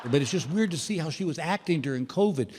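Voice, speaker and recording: A man's voice: fairly high pitch, expressive, fast talker, background noise. A man, telling stand-up stories in a folksy way and acting out both sides of the dialogue. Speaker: stand-up comedian. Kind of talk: stand-up comedy set. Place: large theater with audience. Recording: live theater hall with reverb.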